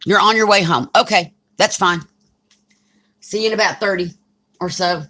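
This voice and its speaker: A woman's voice: mid-range voice, steady tone, normal speed, fairly bright tone. A woman in her forties with a Southern US accent, chatting casually on a crafting live stream and reading comments aloud. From Alabama, US. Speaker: crafting channel host.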